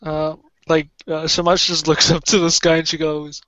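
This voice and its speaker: A man's voice: a little high, level tone, moderate pace, few pauses, fairly bright tone, dry recording. A man playing a character in a tabletop game, hesitant, with many fillers and restarts. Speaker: player. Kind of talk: casual tabletop play. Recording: dull lo-fi sound.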